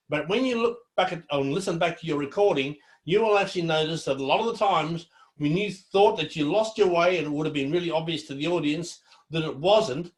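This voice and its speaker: A man's voice: on the high side, roomy sound. A man presenting a student seminar in a friendly, encouraging, conversational way.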